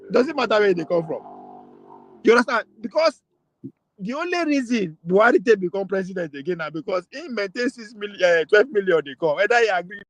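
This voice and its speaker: A Nigerian man with a high, lively voice talks politics in a loose, animated way, swinging his pitch widely as he argues his point. The sound is dry and close, with no room around it. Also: dry recording, rough recording. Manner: animated, laughing, argumentative. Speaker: political talk show host. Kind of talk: casual political chat in Pidgin and English.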